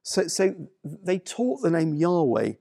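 A man's voice: fairly high pitch, big pitch swings, slow pace, gravelly, dark tone, dry recording, clean studio sound. A man preaching a sermon to people watching at home. He speaks with emphasis and repeats key phrases. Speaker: pastor.

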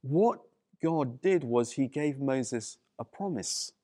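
A man's voice: medium pitch, lively intonation, slow, mellow, no room sound, clean studio sound. A man preaching a sermon to people watching at home. He speaks with emphasis and repeats key phrases. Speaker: pastor.

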